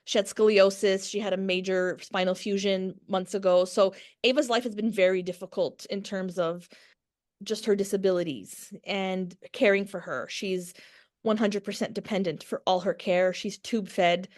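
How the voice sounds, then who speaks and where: A woman in her forties speaks candidly as a podcast guest, at an ordinary middle pitch. She is frank and laughs often, and she trails off into restarts as she talks. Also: darkish tone. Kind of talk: candid conversational interview.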